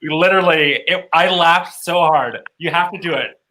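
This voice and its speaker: Bright, giggly male co-host. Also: fairly high pitch, normal speed, slight background noise, poor audio. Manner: giggly, enthusiastic. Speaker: co-host, drag queen. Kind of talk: casual chat.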